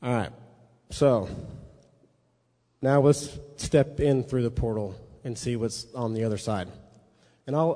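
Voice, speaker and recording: In a hall with long reverb, a preacher teaches his sermon in a conversational manner, regularly checking in with those listening. His voice is mid-range and dark in tone.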